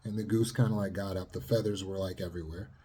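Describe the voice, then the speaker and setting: A calm man teaches trauma healing in a low, mellow voice with a very breathy, husky texture. He speaks steadily and at times sinks almost to a whisper. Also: fast talker. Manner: calm, steady, sometimes dropping to a near whisper. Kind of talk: teaching monologue.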